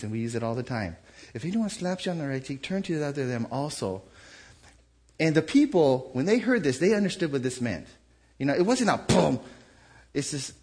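A man preaching a sermon in a conversational, animated way, acting out the voices he quotes. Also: medium pitch, breathy edge. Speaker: pastor.

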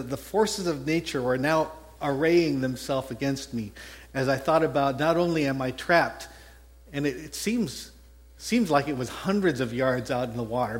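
A man with a Texan accent, a pastor giving a conversational sermon that mixes scripture with a personal story, often correcting himself mid-sentence. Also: mid-range voice. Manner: conversational, self-correcting, chuckles at his own stories.

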